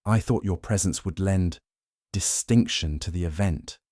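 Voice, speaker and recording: A man's voice: deep voice, a little slow, a little mellow, no echo, clean studio sound. A man voicing an evasive, defensive aristocratic male host with polite assurances in an audiobook. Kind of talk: audiobook narration.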